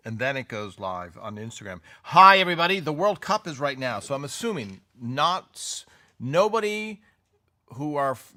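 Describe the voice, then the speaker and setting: A man's voice: mid-range voice, sharp tone. An American man hosting a live stream, chatting casually and reading out viewer comments, often correcting himself. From United States. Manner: chatty, reads comments aloud, self-corrects.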